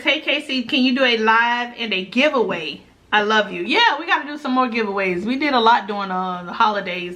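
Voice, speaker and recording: A woman in her thirties with a South Florida accent chats easily with her viewers, laughing often and calling them "y'all." Her voice is bright and sits a little high. She talks in a relaxed, homey vlogging style. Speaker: mukbang YouTuber answering viewer questions. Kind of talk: casual chat to viewers.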